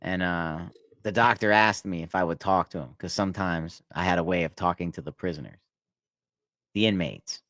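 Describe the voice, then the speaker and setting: A man telling stories about his past work in a casual chat, animated and laughing often. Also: normal speed, no echo. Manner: animated, laughs often, acts out inmates in a loud high voice. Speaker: podcast guest. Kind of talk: casual storytelling.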